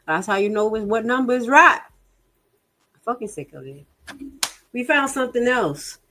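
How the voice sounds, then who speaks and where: An outspoken woman hosts a casual livestream in a mid-pitched voice. She sounds exasperated, swears freely and talks straight to her viewers. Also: fairly bright tone. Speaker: livestream host reviewing a township budget.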